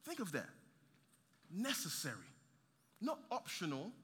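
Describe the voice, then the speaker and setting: A man preaching a sermon, lively, with rhetorical questions and light humor. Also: high voice, normal speed. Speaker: pastor. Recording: reverberant hall.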